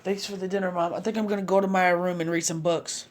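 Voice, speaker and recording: A man's voice: high voice, flat delivery, quick pace, lightly acted. A man voicing an earnest, emotional young boy ninja in a fan fiction reading. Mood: casual. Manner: earnest, heartfelt.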